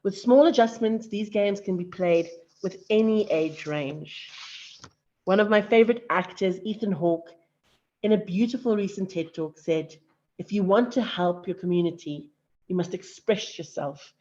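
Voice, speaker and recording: A woman presenting on arts education at a conference, explaining in a measured way. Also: medium pitch, warm tone. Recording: slightly dull, lo-fi audio.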